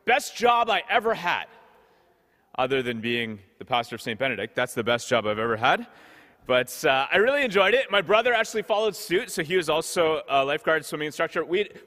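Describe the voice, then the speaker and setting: A man's voice: high voice, bright, forceful tone. A man, a parish pastor, giving a conversational Sunday sermon full of stories, often repeating words as he goes. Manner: storytelling, repeats words as he talks. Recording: long hall reverb.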